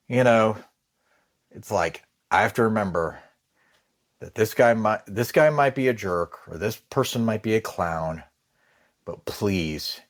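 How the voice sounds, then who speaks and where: A man talking casually as a guest on a podcast, laughing often and breaking into animated asides. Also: fairly low pitch. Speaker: guest, guitar pedal maker. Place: lives in South Carolina.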